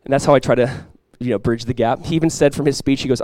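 A pastor preaches a sermon, sharing a personal story in a conversational way with touches of humor, then prays softly and earnestly. His voice is medium-pitched and he speaks rapidly, in a dry recording.

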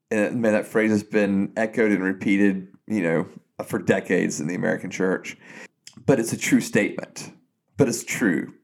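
Low-voiced earnest pastor, a man. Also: steady tone, moderate pace. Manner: earnest, reflective, with frequent restarts. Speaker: pastor and podcast co-host. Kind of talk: casual podcast talk.

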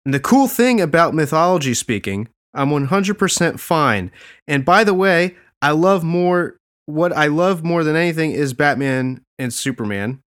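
A man hosting a podcast, chatting casually and laughing often, getting animated when he quotes people. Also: a little high, normal speed, clear, resonant tone. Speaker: podcast host.

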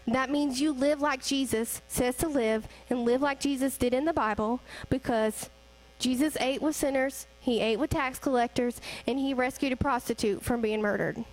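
A woman's voice: high voice, poor audio. A young woman giving a conversational sermon, asking the congregation rhetorical questions. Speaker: church speaker.

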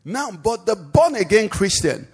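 A man's voice: high voice, big pitch swings, a little slow, husky. A man preaching a sermon as pastor at a church service, asking the congregation questions and leaving them to answer. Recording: long hall reverb.

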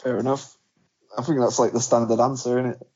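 A man's voice: medium pitch, flat delivery, fairly quick, mellow, breathy edge, no echo. A man co-hosting a casual podcast, asking questions in an easygoing way. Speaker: podcast co-host. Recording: dull lo-fi sound.

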